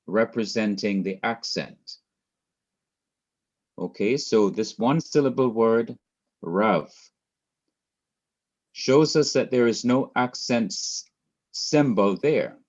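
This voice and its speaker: Guy teaching hebrew real slow, goes over the same point again and again, kinda muffled lo-fi sound. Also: lowish voice, darkish tone. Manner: patient, repeats key points, spells out letters. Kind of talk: slow classroom lecture. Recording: dull lo-fi recording.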